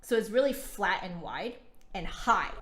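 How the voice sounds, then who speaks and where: A woman's voice: mid-range voice, expressive, measured pace, a bit bright, faint music behind. An American woman demonstrating a flute on a casual livestream, chatting straight to her viewers. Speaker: flutist reviewing an instrument. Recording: roomy echo.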